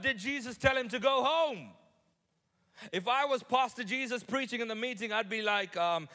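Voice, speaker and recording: A man preaching a sermon to his congregation, lively, repeating words and building to loud climaxes. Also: very high voice, normal speed. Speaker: pastor.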